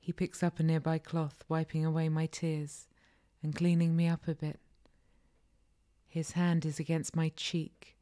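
Low, slow, breathy woman storyteller. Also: flat delivery, mellow. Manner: slow, breathy, often half-whispered. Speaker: narrator. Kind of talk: intimate first-person erotic audio story.

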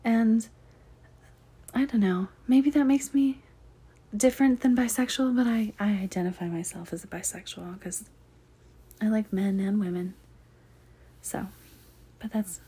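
Woman from the southern us, breathy whisper, mellow dark tone, candid chatty listener q&a. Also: on the high side, a little slow, pauses often. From Southern United States. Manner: candid and chatty, with frequent ums and soft laughs. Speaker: erotic audio creator.

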